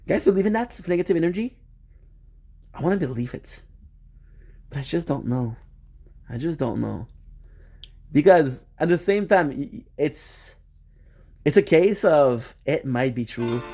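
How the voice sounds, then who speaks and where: A man's voice: fairly high pitch, a little mellow. A young man streaming, chatting casually and playfully with viewers, rambling with frequent restarts and laughter.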